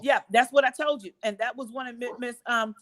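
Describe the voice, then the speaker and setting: A woman's voice: fairly high pitch, steady tone, a little fast. A woman in her fifties, a guest on a live-stream interview, talking in an effusive, emotional way and repeating phrases for emphasis. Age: 50s. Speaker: guest business owner.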